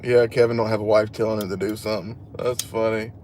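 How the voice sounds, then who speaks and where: A livestream host with a lowish, slightly mellow voice talks at a quick pace in a level tone, with a little background noise. He chats with viewers, reads their comments, and jokes at his own expense, laughing at himself.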